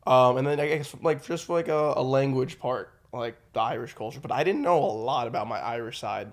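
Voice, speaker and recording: A man with a New York accent, a guest on a podcast, talking casually in a halting way with lots of fillers and restarts. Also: mid-range voice. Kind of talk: casual chat.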